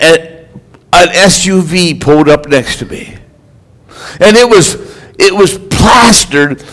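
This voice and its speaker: A man's voice: on the high side, a bit bright, rough recording. A man preaching a sermon as a pastor, in an earnest, exhorting delivery.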